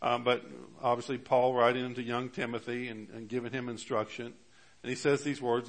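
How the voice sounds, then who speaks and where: A man's voice: mid-range voice, flat delivery, moderate pace. A man preaching a sermon as pastor, with emphatic rises on key words and many fillers and restarts. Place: church.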